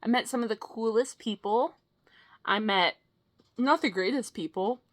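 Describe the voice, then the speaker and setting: A young woman in her twenties telling a rambling personal story in a casual vlog, animated and quick to swear, with lots of fillers. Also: a little high. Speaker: vlogger.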